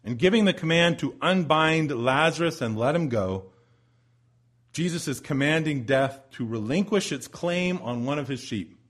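A man preaching a sermon as pastor, building to loud emphatic swells and slowing on key words. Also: medium pitch, slightly rough.

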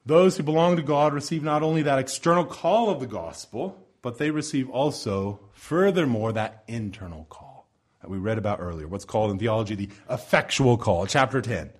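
A male pastor preaching a sermon in a church over the sound system, impassioned, swinging between loud pleading and soft low asides. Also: lively intonation, normal speed, husky. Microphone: church sound system microphone.

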